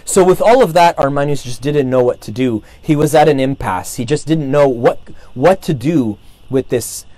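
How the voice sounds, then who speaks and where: A man's voice: mid-range voice, lively intonation, moderate pace, warm tone, dry recording. A man casually retelling a saint's life, rambling, with many fillers and restarts. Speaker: storyteller.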